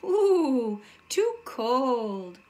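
Storybook Goldilocks: a cheeky little girl, squeaky and bouncy, as a woman reading aloud puts her on. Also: huge pitch swings, drawn-out words, heavily acted. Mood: exclaiming. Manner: high, bright, exclaiming.

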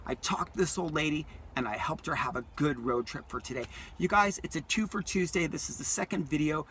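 A man's voice: a little high, fairly quick, a bit bright, slight background noise. A man vlogging from his parked vehicle, telling a rambling, enthusiastic story in a casual way that repeats itself.

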